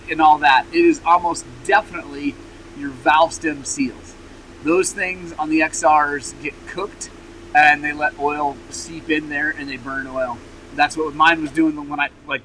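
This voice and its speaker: A man hosting a motorcycle channel in casual rambling vlog chat, frank and frustrated, with lots of fillers and throat clearing, recovering from an injury. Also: on the high side, a bit bright, a little hiss or hum, rough recording. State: recovering from injury, wearing a brace.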